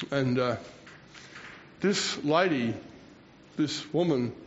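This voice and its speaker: A man's voice: mid-range voice, expressive, drawn-out words, creaky, slight background noise. A man, preaching a rambling, self-mocking sermon and chuckling between phrases. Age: 60s. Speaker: pastor. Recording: dull lo-fi recording.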